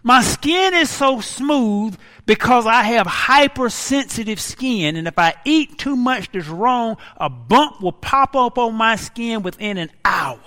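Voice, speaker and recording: A pastor in his sixties preaching a sermon, dramatic and animated, acting out wailing laments. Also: very high-pitched. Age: 60s. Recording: long hall reverb.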